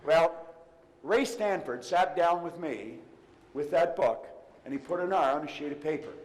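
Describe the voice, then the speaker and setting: An older man delivers a motivational seminar talk. He speaks emphatically, telling stories and retelling dialogue. His voice sits slightly high and rings out with a long hall reverb. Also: moderate pace. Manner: emphatic, storytelling with retold dialogue. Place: large room before a live audience.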